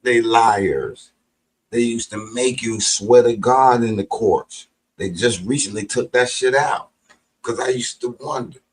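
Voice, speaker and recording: A man delivering a heated, profane, preachy monologue, combative in tone and breaking into sudden shouted outbursts. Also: medium pitch, measured pace, husky, low-quality recording.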